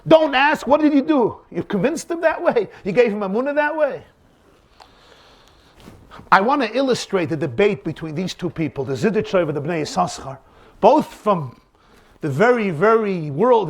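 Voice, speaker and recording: A male rabbi delivers a lecture on faith. He tells his stories dramatically and pushes his points with rhetorical questions. His voice sits high and swings widely in pitch. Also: breathy edge. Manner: dramatic storyteller, emphatic and rhetorical. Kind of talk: lecture on faith with acted-out anecdotes.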